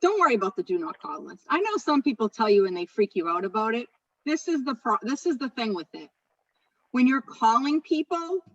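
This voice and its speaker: A woman leading a live real estate training session, chatty and animated, often stopping herself mid-thought. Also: a little high, distant mic, lo-fi sound. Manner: chatty, animated, self-interrupting.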